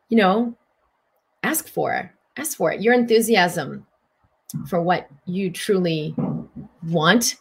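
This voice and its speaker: A middle-aged woman giving a casual spiritual wellness talk in gentle, flowing, affirmation-like phrasing. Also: lowish voice. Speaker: wellness speaker.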